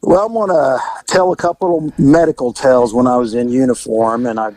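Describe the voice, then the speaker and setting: A man, a former police officer, telling lively stories on a podcast, laughing and acting out the voices. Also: medium pitch, a little fast, poor audio. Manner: animated, laughing, acts out voices. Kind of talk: casual storytelling podcast.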